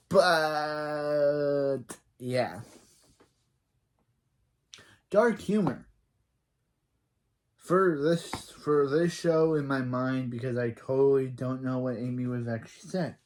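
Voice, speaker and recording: A man in a mid-pitched voice casually retells a sitcom episode for his reaction video. He rambles along, halting and restarting his sentences.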